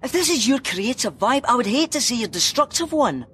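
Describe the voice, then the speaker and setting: An actor with a Scottish accent playing a kind, easygoing young man in a sitcom, speaking in a relaxed, teasing way. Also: extremely high pitch, a little fast, breathy edge, full character voice. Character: kind laid-back young man, loyal friend.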